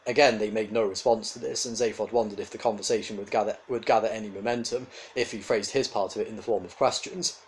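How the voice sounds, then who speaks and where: A man reading a book aloud on his channel, then chatting to viewers in a friendly, animated way. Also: lowish voice, fast, few pauses, a little hiss or hum, low-quality recording. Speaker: reader and channel host. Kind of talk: storybook reading and casual sign-off.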